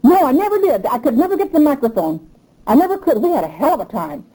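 A woman's voice: high-pitched, very animated, fast, mellow, low-quality recording. An older woman, a union member, telling her story in an oral history interview, emphatic and repetitive, getting revved up as she talks.

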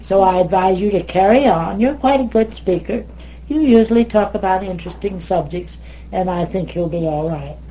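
A woman's voice: medium pitch, normal speed, mellow, lightly acted, poor audio. An older woman voicing a haughty English speech teacher in a retold story, cutting and proper. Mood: advising.

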